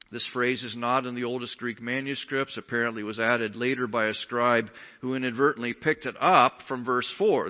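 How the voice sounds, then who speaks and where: A man preaching a sermon as pastor, emphatic, swinging between sudden loud rises and quiet drops. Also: mid-range voice. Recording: dull sound with long hall reverb.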